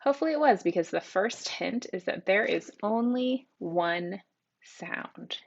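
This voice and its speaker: A woman's voice: medium pitch, animated, normal speed. A woman teacher giving an upbeat, encouraging spelling lesson to children, on a dull lo-fi home recording. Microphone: tablet microphone.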